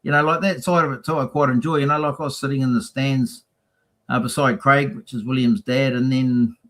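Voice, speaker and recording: A man's voice: medium pitch, fairly even intonation, a little fast, a bit bright, low-quality recording. A man, a racing team guest, chatting casually and acting out quotes in his stories. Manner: chatty storyteller, acts out quotes. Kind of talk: casual chat.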